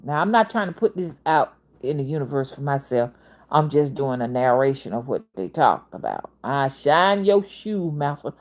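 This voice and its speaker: A woman's voice: very deep voice, lively intonation, normal speed, darkish tone. Rambling Southern woman in her fifties. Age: 50s. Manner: rambling, jumps between topics. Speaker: spiritual reader and channel host. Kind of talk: casual spoken monologue.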